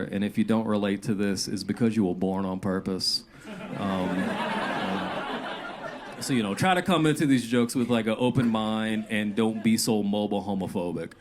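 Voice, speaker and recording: Low-voiced comic in his forties, deadpan, noisy live club sound. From Louisiana. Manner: deadpan, loose and rambling, with filler "uh"s and "like"s. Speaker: stand-up comedian. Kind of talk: stand-up set. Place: comedy club stage. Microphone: handheld stage mic.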